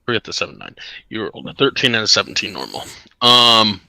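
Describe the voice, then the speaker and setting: A man narrating as game master of a tabletop game, unhurried and halting with many fillers. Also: on the low side, sing-song, creaky, bright, forceful tone, dry recording.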